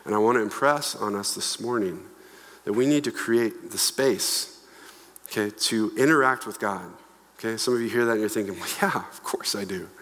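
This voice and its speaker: A man in his thirties preaching a sermon from the stage in a conversational, animated way, with playful asides to the congregation. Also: lowish voice, moderate pace. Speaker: pastor. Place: church hall. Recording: long echo of a church hall.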